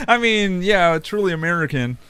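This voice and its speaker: A male streamer in loose live-stream chat, taking his time with each phrase and breaking into giggles as he reads chat aloud. He swears casually, and soft music plays faintly behind him. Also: sits high, smooth. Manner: giggly, laughs often while reading chat aloud. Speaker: streamer and animator.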